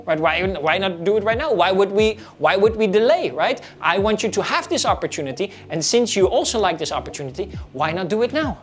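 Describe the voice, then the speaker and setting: Animated woman coaching real estate sales. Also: medium pitch, a little fast, faint music behind. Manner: animated, acts out client dialogues. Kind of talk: instructional video lesson.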